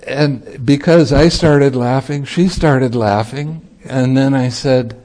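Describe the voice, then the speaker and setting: A man's voice: medium pitch, slow, hardly any pauses, a little mellow. A man, a Buddhist monk and meditation teacher, giving a light-hearted dharma talk and laughing easily as he teaches.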